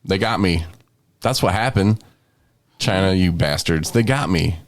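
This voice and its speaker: A man's voice: sits low, unhurried. A young man with covid, hosting a casual podcast and rambling in a tired, joking way. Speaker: podcast host.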